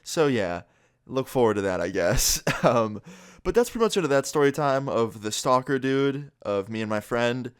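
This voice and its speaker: A man's voice: mid-range voice, normal speed, clear, resonant tone, no echo, clean studio sound. A young man telling a story to his vlog audience in a casual way, acting out the lines of the people in it. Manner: animated retelling, acting out quotes.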